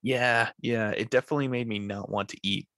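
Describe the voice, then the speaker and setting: A man's voice: on the low side, fairly even intonation, brisk, gravelly, bright, forceful tone, no room sound, studio quality. Laughing, rambling male podcast co-host. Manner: laughs often, loose and rambling. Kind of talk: casual podcast chat.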